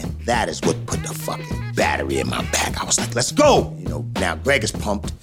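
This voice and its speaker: Animated man telling a story. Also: sits low, brisk. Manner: animated, profane, acts out other people's voices. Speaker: hip hop artist. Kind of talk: casual storytelling. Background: music.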